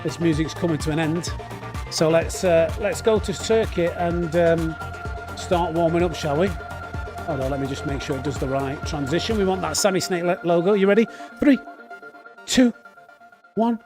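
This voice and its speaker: A man's voice: a little high, moderate pace, music in the background. A man chatting casually on a live stream, reading chat and restarting his sentences often. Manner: chatty, reads chat aloud, frequent restarts and fillers.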